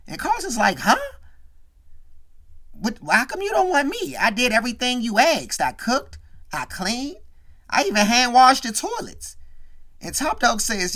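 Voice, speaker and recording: A woman's voice: on the high side, big pitch swings, normal speed, a bit bright. A woman hosting a show, casually recapping a sitcom episode, quoting the characters and filling her talk with "you know" and "right". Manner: retells scenes by quoting the characters' lines.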